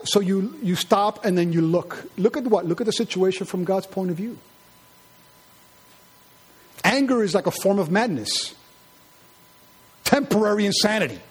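A man preaching a sermon in an animated, conversational way, acting out quarrels in high mocking voices. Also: measured pace, long pauses, breathy edge.

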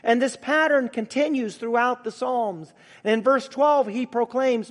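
A man's voice: extremely high pitch, a little slow, few pauses, big-room sound. A man preaching a sermon in an earnest, emphatic way, reading scripture and speaking of grief and love. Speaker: pastor.

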